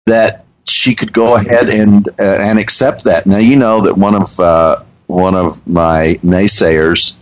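A man, hosting a radio show and telling a story in an earnest, halting way with restarts. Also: on the low side, fairly even intonation, low-quality recording. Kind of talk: conversational storytelling.

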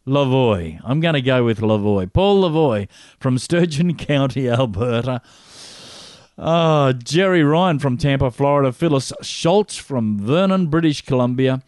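A man's voice: mid-range voice, lively intonation, measured pace, darkish tone, no echo, studio quality. A man hosting a gospel podcast, reading out supporters' names and home towns with playful jokey asides. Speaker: podcast host.

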